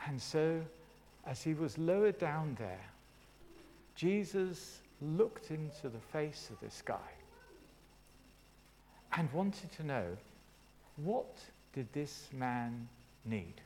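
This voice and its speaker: A man's voice: a little high, lively intonation, slow pace, long pauses, a little mellow, slight background noise. A man preaching a sermon, retelling a story with dramatic flair and friendly asides to the congregation.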